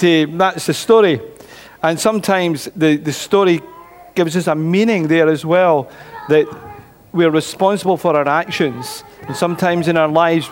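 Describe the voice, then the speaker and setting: A man telling a Bible story to a church congregation in an animated storytelling way. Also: high-pitched. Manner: animated storytelling, voices characters. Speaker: preacher. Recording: reverberant church hall.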